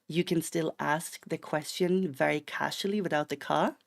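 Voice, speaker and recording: Playful Swedish man with a gravelly voice. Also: a little high, steady tone, normal speed. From Sweden. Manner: playful, rambling, mock-indignant outbursts. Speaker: streamer. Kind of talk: casual chat while gaming.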